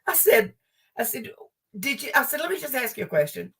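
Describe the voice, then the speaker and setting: Woman, older, humorist, comic storytelling, animated, laughing. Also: high-pitched, a little fast, creaky, breathy edge, recorded from a distance. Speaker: guest humorist.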